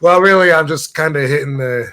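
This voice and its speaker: Rambling man in his fifties, slightly high voice. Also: brisk, pushed and bright, smooth. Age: 50s. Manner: rambling, loses his thread, laughs at his own stories. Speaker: podcast host. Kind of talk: casual storytelling chat.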